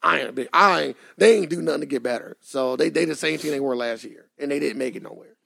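A man with a gravelly edge and a slightly high voice co-hosts a podcast. He jokes around in loose casual chat, trailing off and restarting his sentences. The sound is dry and close. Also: fast, fairly bright tone, no room sound. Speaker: podcast co-host.

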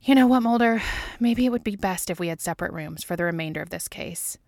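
A woman's voice: on the low side, fast, gravelly, dry recording. Woman reading a sardonic female agent. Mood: sarcastic. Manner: dry, scoffing. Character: sarcastic, irritated female FBI agent.

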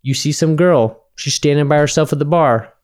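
Brief: male podcast host, smooth clear voice, loose swearing storyteller. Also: on the high side, normal speed, a little mellow. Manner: rambling, profane storyteller acting out bar dialogue. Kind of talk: casual drunken chat.

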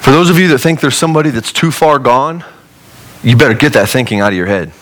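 A man's voice: mid-range voice, fast, fairly bright tone, poor audio. A male pastor preaching a sermon in a conversational way, with joking asides.

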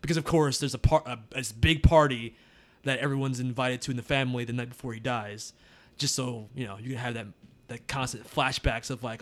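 Bright-voiced man chatting casually. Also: mid-range voice, steady tone, brisk. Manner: laughs often, loose and profane. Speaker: podcast host. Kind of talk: casual movie review chat.

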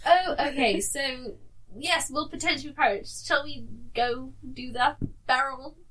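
High-voiced woman player, mock-defensive. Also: unhurried, fairly bright tone, distant mic, poor audio. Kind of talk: casual tabletop role-play.

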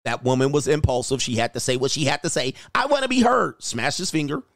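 A man's voice: medium pitch, steady tone, fast, no echo, studio quality. A dating coach giving blunt, profane reaction commentary, laughing at his own points and firing off mocking rhetorical questions.

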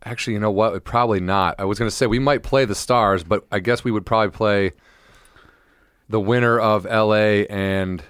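Excitable rambling man, dry close mic. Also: on the low side, normal speed, smooth, no echo. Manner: rambling, excitable, bursts into shouted impressions. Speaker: podcast co-host. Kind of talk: casual chat.

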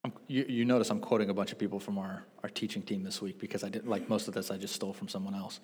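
A man's voice: on the low side, fast talker, breathy edge. Man preaching, echoing church hall. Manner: animated storytelling with self-deprecating asides. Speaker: pastor. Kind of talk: sermon. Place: church sanctuary. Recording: long reverb of a church hall.

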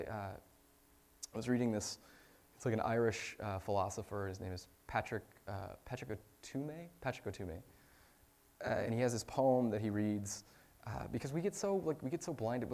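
Male pastor, mid-pitched voice, conversational sermon, shifts between forceful peaks and hushed reflection. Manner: swings from loud emphatic peaks to quiet, low reflection; conversational, with fillers and self-corrections.

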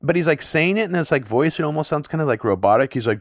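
A man co-hosting a podcast, talking in long casual runs full of "like" fillers and getting animated when something shocks him. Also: a little high, fast, no room sound, studio quality. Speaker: podcast co-host. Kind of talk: casual conversational podcast chat.

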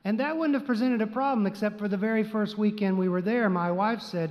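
Wry preacher in a reverberant hall. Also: male voice, high voice, a little fast, a little mellow, lo-fi sound. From Texas. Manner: wry, playful, with dry asides. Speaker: preacher and seminary teacher. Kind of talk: humorous sermon storytelling. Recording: long reverb of a large hall.

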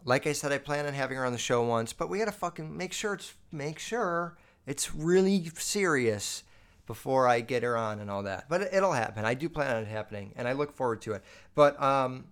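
A man's voice: medium pitch, expressive, brisk, fairly bright tone, clean tone. A young man in his twenties hosting a podcast, telling stories in a loose, rambling way with lots of swearing and filler words. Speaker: podcast host. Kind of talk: casual storytelling monologue.

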